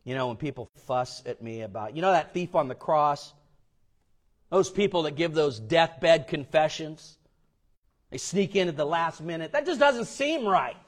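A man preaching a sermon, swinging between hushed asides and loud emphatic peaks, acting out voices in his stories. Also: fairly high pitch, normal speed. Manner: dynamic preacher, swings from quiet to loud, acts out quotes. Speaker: pastor.

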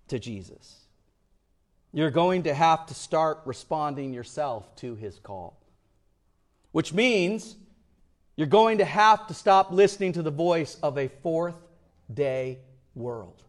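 A man preaching a sermon in a slightly high voice. He swings from ringing, emphatic declarations down to near-whispered storytelling, leaning on dramatic pauses. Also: animated. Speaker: pastor.

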